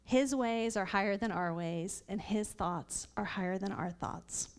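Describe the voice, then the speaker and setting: Speaking a little slowly in a medium-pitched voice, this thirties-aged woman gives her testimony as a church member at a women's Bible study. Her storytelling is earnest and warm, sprinkled with light laughter.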